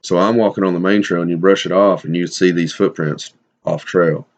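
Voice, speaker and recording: A middle-aged man telling a casual story to camera, rambling and halting, with many restarts and fillers. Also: deep voice, steady tone. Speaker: bigfoot hunter sharing encounters. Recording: dull lo-fi sound.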